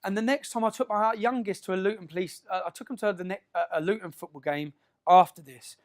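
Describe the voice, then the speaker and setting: A man giving an emphatic speech to an audience, often checking in with a quick "yeah?". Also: high voice. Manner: emphatic, keeps asking "yeah?" to the crowd. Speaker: public speaker.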